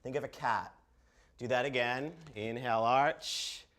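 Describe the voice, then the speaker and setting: A man leading a yoga session, talking a student through each pose. He cues the breath in a calm, encouraging way and gives short words of praise. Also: medium pitch, unhurried. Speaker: yoga instructor. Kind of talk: guided yoga instruction.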